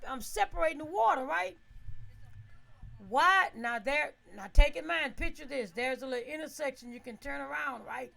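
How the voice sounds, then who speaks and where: A woman tells a story in a relaxed, chatty way, laughing often and checking in with her listeners. Her voice sits high with a gravelly edge. Her tone is bright and sharp. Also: normal speed. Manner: animated, laughs often, asks listeners "right?"; acts out her own shouts and quotes. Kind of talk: casual storytelling.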